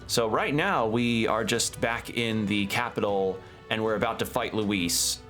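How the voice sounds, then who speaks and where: A man with a fairly low voice chats loosely over his gameplay stream, wandering through a recap with plenty of fillers. He talks around a toothpick in his mouth, and faint music sits under his voice. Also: a little slow, fairly bright tone. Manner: rambling, chatty recap with fillers. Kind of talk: casual gameplay commentary.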